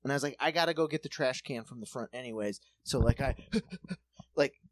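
A man casually telling a funny story, animated and profane, with a lively way of acting out what people said. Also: mid-range voice, brisk, slight background noise. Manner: animated, swearing, acts out quoted voices.

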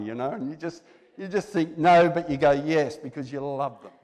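A male preacher gives a conversational, exhorting sermon full of rhetorical questions. His voice sits fairly high for a man, and a long reverb from the church hall trails his words. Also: normal speed, darkish tone.

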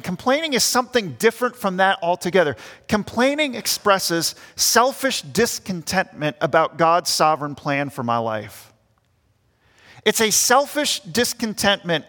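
A man's voice: sits high, bright, forceful tone. A young man preaching an earnest sermon as pastor, acting out the grumbling voices he quotes. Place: church. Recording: long church reverb.

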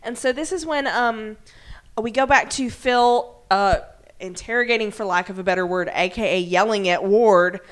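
A woman's voice: mid-range voice, moderate pace. A woman co-hosting a podcast, casually recapping a TV episode, acting out characters' lines and swearing freely. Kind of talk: casual chat.

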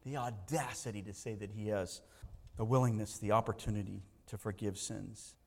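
A man preaching a sermon, animated, swinging between loud emphasis and hushed asides. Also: on the low side, moderate pace, vocal fry. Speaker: pastor. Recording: long hall reverb.

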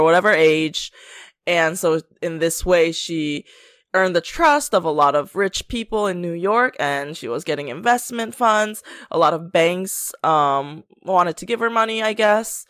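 A woman's voice: lowish voice, a bit bright, no room sound, clean studio sound. A woman co-hosting a casual podcast chat, laughing often as she retells a story and mimics people's lines. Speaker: podcast co-host.

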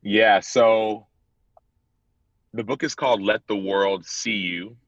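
Athlete guest, thirties, earnest storyteller; lowish voice, lo-fi dry recording. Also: male voice, steady tone, takes it slowly. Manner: earnest, retells dialogue with rising voice. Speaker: podcast guest, football linebacker and speaker. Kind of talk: candid interview storytelling. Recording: dull, dry, lo-fi sound.

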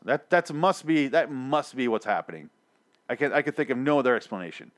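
A man's voice: mid-range voice, lively intonation, fairly quick. A young man giving a profane, exasperated, sarcastic recap of a TV episode, stumbling and restarting often. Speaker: TV episode reviewer. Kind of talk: ranting casual recap.

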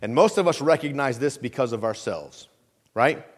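A middle-aged man preaching a conversational sermon in a church, often checking in with the congregation and slowing down to stress scripture. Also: mid-range voice, lively intonation. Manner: conversational preaching with frequent call-and-response checks; slows down to stress scripture phrases. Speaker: pastor. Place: church sanctuary.

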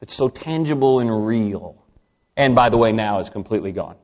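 A man preaching a sermon to a congregation in a conversational way, asking them questions and swinging from quiet, slow lines to emphatic ones. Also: on the low side, expressive.

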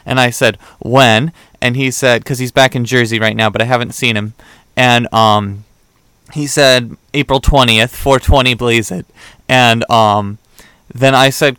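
Young guy rambling through a story, smooth clear voice, dry close mic, does all the quotes. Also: medium pitch, fairly even intonation, unhurried, pushed and bright, no echo. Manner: rambling storyteller, acts out quoted dialogue, many fillers. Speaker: podcast host. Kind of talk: casual chat.

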